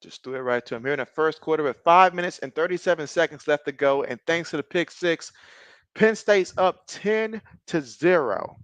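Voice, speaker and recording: A man in his thirties with a high voice calls a football game play by play on a live stream. He reads chat out loud and gets excitable when a big play happens. The sound is dry and close, with no room echo. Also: moderate pace, clear, resonant tone. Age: 30s. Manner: excitable, reacts loudly to plays. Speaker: live-stream sports host.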